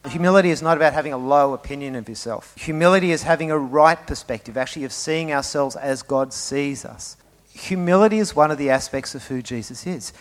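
Emphatic preacher, slightly high voice. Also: male voice. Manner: emphatic, swinging between loud stresses and quiet asides; speaks to the congregation directly with rhetorical questions. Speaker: pastor. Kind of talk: sermon.

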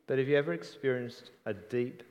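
Guy preaching a sermon, earnest and reflective, mid-pitch voice, big reverby hall. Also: brisk, highs cut off. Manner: earnest, reflective, trailing off softly at phrase ends.

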